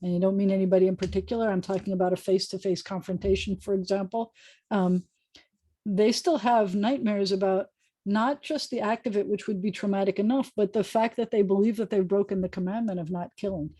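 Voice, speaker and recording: A woman rabbi teaching an informal online Hebrew class over a video call, chatty and joking as she sounds out words slowly. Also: mid-range voice, steady tone, warm tone, breathy edge, no echo.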